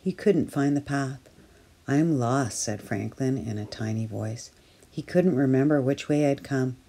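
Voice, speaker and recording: A woman reading a children's picture book aloud for storytime, gently and clearly. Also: a bass voice, moderate pace. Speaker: storytime reader at early years centre.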